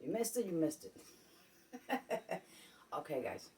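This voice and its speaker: This Puerto Rican vlogger, a woman, speaks from home in a lowish, bright, forceful voice that is very animated yet slow, with frequent pauses. Giving casual advice, she repeats herself and keeps checking in with "okay?", somewhat distant from the mic.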